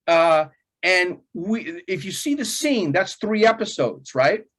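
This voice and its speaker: A middle-aged man, an actor as an interview guest, telling a story with lots of energy, laughing often and acting out quotes in a much higher voice. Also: animated, takes it slowly, fairly bright tone. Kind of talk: animated storytelling in conversation.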